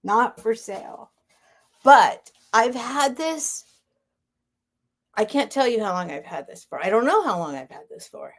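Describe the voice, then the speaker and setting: A woman's voice: on the high side, expressive, measured pace, long pauses. Rambling woman hosting a live sale. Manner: rambling, laughing, self-interrupting. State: near tears. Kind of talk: casual live-stream chat.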